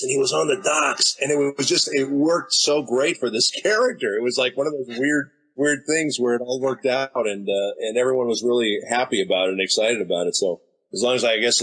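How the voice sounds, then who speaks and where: Heard in low-quality audio, a husky, medium-pitched and slightly bright male voice belongs to an American voice actor and director in his fifties. As an interview guest he chats casually, telling relaxed, anecdotal stories.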